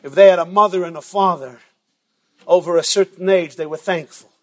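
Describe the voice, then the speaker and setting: A man giving a sermon at a yeshiva event, telling stories in a dramatic, emphatic way that swings between loud and soft. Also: high-pitched, fairly even intonation, fairly quick. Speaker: rabbi speaker at a yeshiva event. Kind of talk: sermon with storytelling. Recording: long reverb from a large hall.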